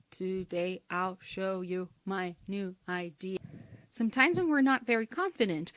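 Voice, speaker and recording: A woman giving an instructional talk on speaking skills in a clear, measured way, sometimes demonstrating intonation. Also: medium pitch, a bit bright, dry recording. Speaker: teacher.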